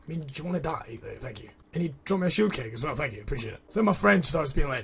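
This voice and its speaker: A man's voice: medium pitch, quick pace, hardly any pauses. A young man, telling a storytime anecdote over gameplay and reacting to the game as he goes. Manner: animated, breaks off to react to the game. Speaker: gaming storyteller. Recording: background music under voice.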